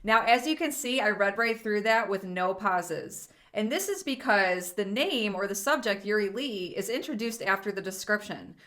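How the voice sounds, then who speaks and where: A woman's voice: medium pitch, animated, normal speed, hardly any pauses, fairly bright tone. A young woman teaching a casual test prep lesson, chatty and encouraging, with fillers and self-corrections.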